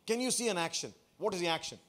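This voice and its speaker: A man's voice: sits high, lively intonation, fast, fairly bright tone. A man, a pastor, preaching a sermon to his church, asking the congregation questions and repeating phrases for emphasis.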